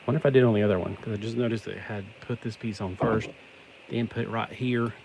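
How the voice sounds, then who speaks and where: Middle-aged male vlogger, low voice, loose self-mocking banter, steady background noise. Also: a little fast, creaky, rough recording. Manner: chatty, self-deprecating, joking asides. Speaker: toy-building vlogger. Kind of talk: casual rambling chat while building.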